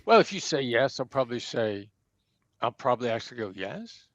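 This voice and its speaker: A man's voice: medium pitch, lively intonation, quick pace, no room sound, highs cut off. A man, a negotiation expert, answering interview questions and acting out sample dialogue to make his points. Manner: emphatic, acts out example dialogue.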